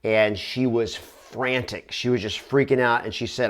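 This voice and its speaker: A real estate trainer, a man, tells a motivational story to the camera, earnest and conversational, restarting his sentences quickly. His voice is mid-range and steady in tone.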